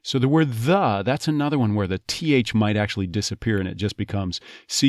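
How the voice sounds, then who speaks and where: Male coach, low voice, demonstrates sounds slowly, dry close recording. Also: expressive, a little mellow, no room sound. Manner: breaks words into sounds, models them slowly. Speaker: accent coach. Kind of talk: phonetics lesson.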